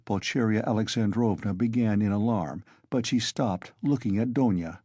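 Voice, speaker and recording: A man narrating a classic novel audiobook in a measured, steady way. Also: fairly low pitch, husky, no room sound, clean studio sound. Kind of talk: scripted narration.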